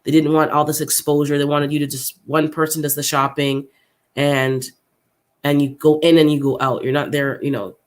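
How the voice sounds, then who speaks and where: Halting, upset man thinking aloud. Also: on the high side, flat delivery. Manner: thinking out loud, halting, repeats words. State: upset and unsettled. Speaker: gardening channel host. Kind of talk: casual livestream chat with viewers.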